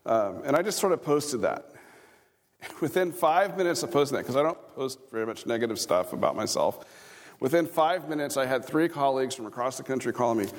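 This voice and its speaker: Pastor preaching in a reverberant church. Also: male voice, mid-range voice, lively intonation, a little fast. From Kansas. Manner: conversational, chuckling asides, audience questions. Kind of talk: sermon. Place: church sanctuary.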